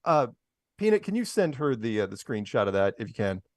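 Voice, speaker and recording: A man's voice: mid-range voice, very animated, a little fast, darkish tone, no echo, clean studio sound. A man co-hosting a talk show, reading news items aloud and mocking them with sarcastic asides. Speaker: podcast co-host. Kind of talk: casual commentary on news clips.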